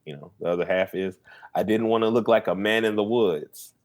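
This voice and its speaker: A man's voice: fairly low pitch, a little fast. A man co-hosting a podcast in casual chat, rambling with lots of fillers and restarts. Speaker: podcast co-host.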